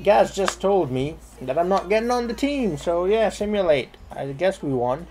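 Excitable, swearing young gamer man. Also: high-pitched, normal speed, soft background music. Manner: excitable, profane, joking. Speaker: gaming channel host. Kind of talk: let's play commentary.

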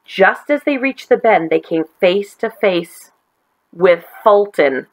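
A woman teacher reading a chapter book aloud to children in a gentle, expressive way. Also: medium pitch, slow, poor audio.

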